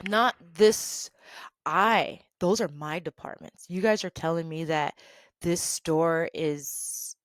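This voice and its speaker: A woman telling a work story in a casual vlog, animated and emphatic, repeating phrases for effect. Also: mid-range voice, no echo.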